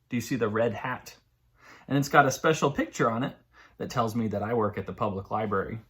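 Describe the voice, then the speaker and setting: Animated man leading a children's story time. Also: on the high side, gravelly. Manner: animated, sing-song, playful. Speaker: children's librarian.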